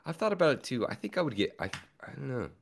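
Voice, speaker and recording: Podcast host, male, deep rumbling voice, animated delivery, relaxed and rambling. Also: fast, gravelly. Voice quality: deep voice like a bear. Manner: laid-back, rambling, lots of filler words. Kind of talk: casual chat.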